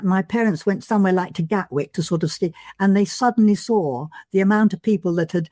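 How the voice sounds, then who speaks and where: An older woman with a mellow, well-spoken voice reminisces in a relaxed conversational way. Her stories come out full of small restarts and thoughtful ums. The sound is close and dry, with no room echo. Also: medium pitch, fairly quick. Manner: chatty storyteller with frequent restarts and ums. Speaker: podcast guest.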